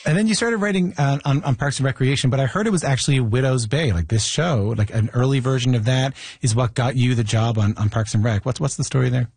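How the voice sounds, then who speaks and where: A man's voice: medium pitch, fast talker, hardly any pauses, darkish tone, slightly rough, no echo. A man interviewing a writer, asking long questions with many restarts and filler words. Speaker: podcast interviewer. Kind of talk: conversational interview.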